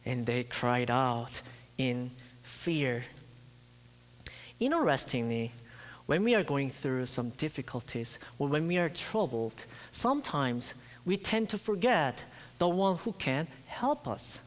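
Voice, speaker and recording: A pastor preaches a sermon in a medium-pitched, very animated male voice, speaking slowly and emphatically. He swings from loud declarations down to a near-whisper at times, and the recording carries a long hall reverb.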